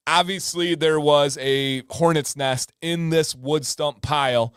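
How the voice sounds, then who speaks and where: Lively man hosting a livestream. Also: a little high, a little slow, clear, resonant tone, dry recording, clean studio sound. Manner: animated storyteller with sound effects. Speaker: livestream host. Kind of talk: casual livestream chat.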